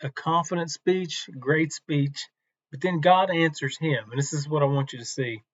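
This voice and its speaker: A man teaching from the Bible in a relaxed, conversational devotional talk, unhurried and with some restarts. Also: fairly high pitch, no echo, dull audio.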